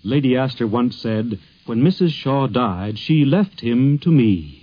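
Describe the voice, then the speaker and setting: Calm male documentary narrator. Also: medium pitch, a little slow, highs cut off. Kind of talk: scripted narration.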